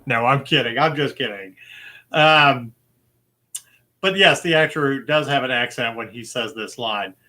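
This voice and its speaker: A man running a casual podcast movie quiz, upbeat and chatty, laughing easily between questions. His voice has a bright, forward ring at a middle pitch. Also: measured pace. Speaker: quiz host.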